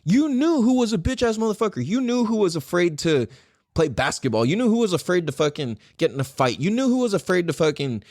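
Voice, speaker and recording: A man hosting a podcast, ranting casually with a profane, rambling, animated delivery. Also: high-pitched, brisk, no room sound, clean studio sound. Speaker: podcast host.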